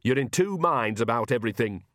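A man's voice: medium pitch, animated, a little fast, fairly bright tone, dry recording, clean studio sound, close to an everyday voice. A man voicing an earthy, shameless old witch woman who talks in a blunt, bawdy, down-to-earth way, in an audiobook reading.

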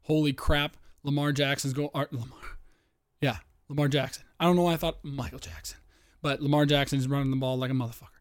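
Excitable, cursing male podcast host, dry sound. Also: mid-range voice, fast, no echo. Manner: rambling, profane, excitable, distracted by a game on TV. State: out of breath and sweating. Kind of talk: casual solo podcast chat.

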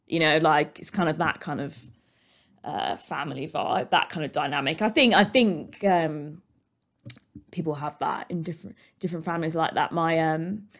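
A woman's voice: deep voice, normal speed. A British woman hosting a solo podcast, chatting casually in a rambling way, full of ums and likes, into a desk microphone. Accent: British English. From Britain. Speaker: podcast host.

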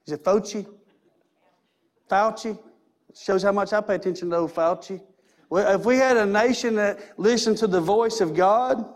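A man preaching a sermon in a church, emphatic and repetitive, with many rhetorical questions. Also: high voice. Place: church sanctuary.

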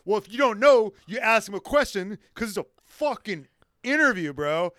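A man tells a story on his podcast with lots of swearing and acted-out quotes. His voice is bright and carries a lively, rising and falling pitch. The sound is dry and close to the mic. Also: moderate pace, dry recording. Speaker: podcast co-host. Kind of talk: casual chat.

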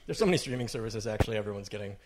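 A man's voice: fairly low pitch, animated, racing, background noise. A man co-hosting a podcast in casual chat, telling laid-back, nostalgic stories. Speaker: podcast co-host.

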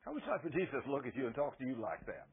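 Husky-voiced preacher man on a tinny radio line. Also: mid-range voice, very animated, racing. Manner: storytelling, acting out quoted dialogue. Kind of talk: sermon. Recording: tinny phone-like radio broadcast.

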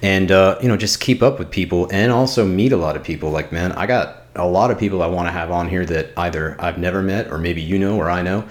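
A man co-hosting a podcast with a lowish voice, chatting casually and swearing freely. He breaks into animated bursts as he makes his points. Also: fast, few pauses. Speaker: podcast co-host. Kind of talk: casual chat.

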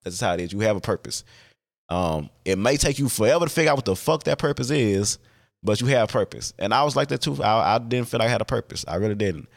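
A man's voice: fairly low pitch, expressive, quick pace, vocal fry. A man hosting a podcast, talking alone in a casual, candid way, with many fillers and restarts and casual swearing. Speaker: podcast host.

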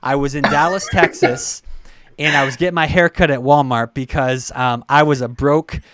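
A man's voice: medium pitch, fairly even intonation, moderate pace, fairly bright tone, no room sound, studio quality. A young man who hosts a podcast and used to be a youth pastor, telling stories earnestly in a preachy way with rising bursts. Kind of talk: casual podcast chat.

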